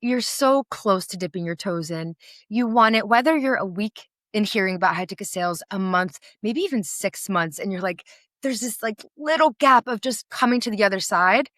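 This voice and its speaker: A woman hosts a coaching podcast and talks straight to her listeners in an encouraging, chummy way. Her voice is mid-pitched. The recording is dry and close to the mic. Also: lively intonation, normal speed, a bit bright, no echo. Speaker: podcast host, sales coach. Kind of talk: podcast interview.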